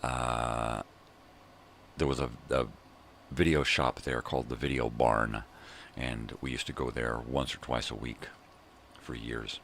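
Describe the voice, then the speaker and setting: Older guy from socal, super low gravelly voice, rambling and cussing a lot. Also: flat delivery, a bit bright, slight background noise. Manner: profane, ranting, drawn-out fillers. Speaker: vlog host. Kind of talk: rambling morning monologue.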